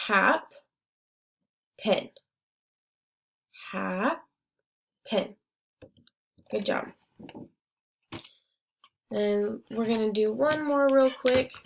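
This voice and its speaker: A woman's voice: mid-range voice, creaky, slight background noise. A young woman teaching a phonics lesson, encouraging her students and breaking words into syllables one at a time.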